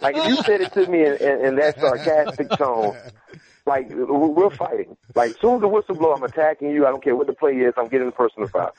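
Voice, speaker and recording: A man's voice: medium pitch, quick pace. A man, a former football player, giving casual sports analysis over the phone and acting out trash talk with energy. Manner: animated, mimics trash talk. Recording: tinny phone line.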